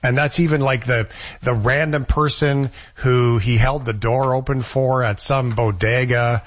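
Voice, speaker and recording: Reflective husky male host, dry sound. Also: medium pitch, fairly even intonation, a little slow, no room sound, muffled recording. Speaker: radio host. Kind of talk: casual chat.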